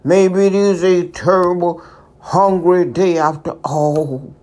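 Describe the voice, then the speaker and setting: A storybook reader voicing a gentle honey-loving male bear feeling grumpy, slightly higher than the narration. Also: fairly even intonation, slow pace, natural voice.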